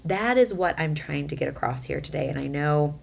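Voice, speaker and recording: A woman in her thirties, a mother, talking casually to camera in a chatty, animated way, acting out quotes as she tells stories. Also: deep voice, brisk, vocal fry. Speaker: vlogger.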